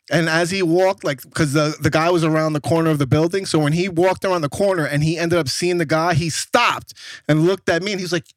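A young man with a slightly high voice recounts a story, cursing and jumping into other people's voices as he goes. The sound is close and dry, with no room around it. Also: dry recording. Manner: animated, profane, acts out voices in his story. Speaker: guest telling a story. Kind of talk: casual storytelling.

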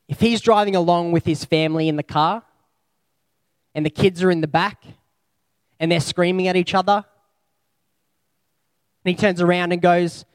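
A man preaching a sermon in a relaxed, conversational way, building slow spoken lists. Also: fairly high pitch, no echo.

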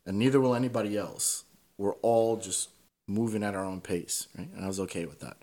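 Man, low voice, candid podcast guest, casual storytelling, swears a lot, keeps asking "right?". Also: steady tone, a little fast, warm tone.

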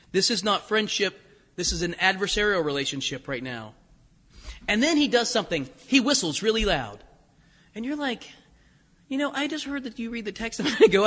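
A man preaching a sermon, telling animated stories and acting out quotes. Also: high-pitched. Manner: animated storytelling with laughs and acted-out quotes. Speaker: pastor. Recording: long hall reverb.

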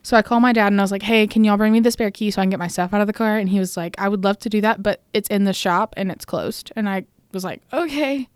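A young woman, co-hosting a podcast, telling a story in a lively way, laughing often and acting out what people said. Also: medium pitch, fast talker, hardly any pauses, clean tone, dry recording, studio quality. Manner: animated, laughs often, acts out quotes. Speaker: podcast co-host. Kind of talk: casual chat, storytelling.

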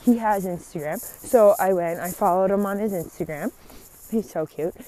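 A woman vlogging in a casual, rambling chat, excitable and gushing as she talks. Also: medium pitch, moderate pace. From Canada.

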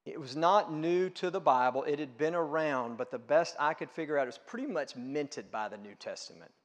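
A middle-aged male pastor preaching a sermon, emphatic and swinging between hushed and loud delivery. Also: a little high, fairly quick, in a large hall.

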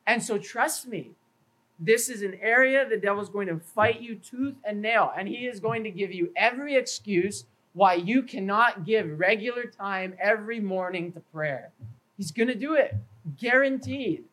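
A man's voice: sits high, moderate pace, a bit bright, low-quality recording. Earnest man preaching a sermon. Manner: earnest preaching through numbered points with scripture references; stumbles and repeats words now and then. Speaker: pastor. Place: church evening service.

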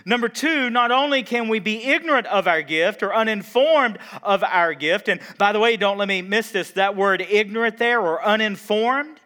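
A man preaching a sermon, asking the congregation questions and swinging between loud emphasis and quiet, drawn-out words. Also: sits high, clean tone. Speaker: pastor.

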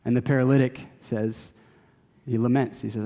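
A man's voice: mid-range voice, steady tone, fairly quick, mellow, big-room sound. A man preaching a sermon as pastor, earnest and exhorting, and closing in prayer. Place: church.

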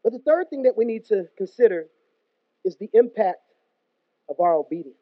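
Preacher guy with a really high voice, emphatic casual sermon, kinda muffled dry sound. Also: animated, moderate pace, no echo. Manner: emphatic and conversational, slangy asides. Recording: dull, dry close recording.

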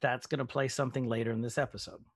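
A man's voice: medium pitch, little pitch movement, very fast, creaky, no echo. A man hosting a casual recap chat, rambling along with plenty of ums. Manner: chatty, rambling with many ums. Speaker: podcast host.

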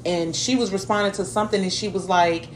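A woman's voice: mid-range voice, fairly even intonation, fairly quick, slight background noise. A young woman hosting a podcast, talking bluntly and profanely in casual storytelling chat. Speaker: podcast host. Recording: roomy echo.

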